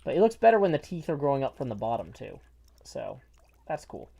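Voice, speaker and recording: A playful man talks to his stream chat while he plays, drifting from joke to joke. His voice comes through muffled by a mask, dark in tone, and swings widely in pitch as he riffs. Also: big pitch swings, fairly quick, gravelly, breathy edge. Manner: rambling, playful, jokey asides. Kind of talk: casual livestream chat while gaming. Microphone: mask worn over the face.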